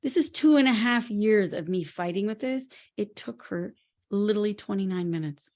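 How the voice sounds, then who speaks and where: A woman co-hosting a podcast in casual conversation, telling lively stories and laughing often. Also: mid-range voice, moderate pace. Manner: animated, laughing storyteller. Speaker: podcast co-host.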